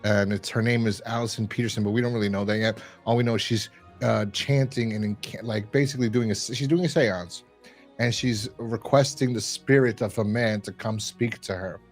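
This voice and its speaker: A man's voice: on the low side, fairly even intonation, brisk, faint music behind. A man hosting a review podcast, chatting casually and rambling with lots of fillers. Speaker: podcast host reviewing a horror episode. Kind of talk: casual chat.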